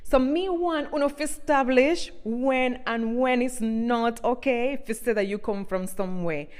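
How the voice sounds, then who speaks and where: Woman, forties, from Cuba, Jamaican patois accent, rolled R, animated monologue to camera. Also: fairly high pitch, unhurried, clear, resonant tone. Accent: Jamaican patois with a Cuban rolled R. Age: 40s. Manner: animated and expressive, swings between loud and soft. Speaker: social media creator.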